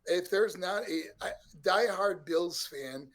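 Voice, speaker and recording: A former pro wrestler from New York, USA, now in his sixties, appears as a guest in a casual storytelling interview. His voice is high-pitched and slow. He's an animated storyteller who laughs a lot and acts out voices.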